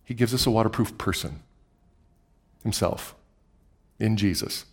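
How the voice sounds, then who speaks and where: A male pastor preaching a sermon, swinging from hushed, slow lines to loud, excited bursts and repeating words for emphasis. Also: on the low side.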